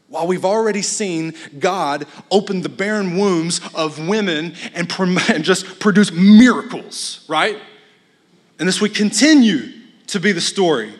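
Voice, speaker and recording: A man with a high voice delivers a sermon as a guest preacher, casual and blunt with joking asides. His voice carries a long reverb from the hall.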